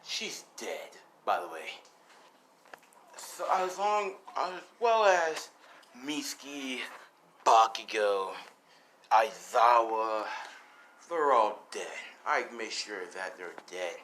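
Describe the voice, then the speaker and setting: A man's voice: lowish voice, big pitch swings, slow pace, long pauses, fairly bright tone, a little hiss or hum, exaggerated voice. A man voicing a cruel middle-aged father who coldly mocks and sells off his son, in a fan-made story. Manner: cold, gloating, mocking.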